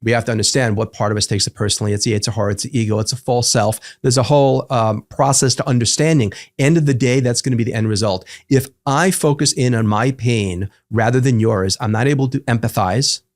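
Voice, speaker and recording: A man in a podcast conversation, explaining calmly as a psychologist and acting out little quoted voices with humor. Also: medium pitch, quick pace, hardly any pauses. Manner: animated teacher, acts out quotes, jokes. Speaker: psychologist guest.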